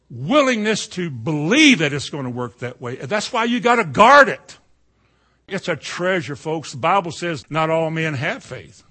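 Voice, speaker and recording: A middle-aged preacher man, his tone bright and forceful. His pitch sits a little high. He tells his sermon like folksy stories, sinking to a hush and then rising to loud cries. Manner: folksy storytelling, swings from quiet to loud.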